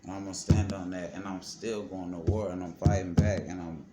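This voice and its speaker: A man vlogging, telling his own story in a heated, emphatic and profane way, his pitch swinging widely as he talks. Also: flat delivery, a little fast. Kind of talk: casual storytelling to camera. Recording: clear background noise.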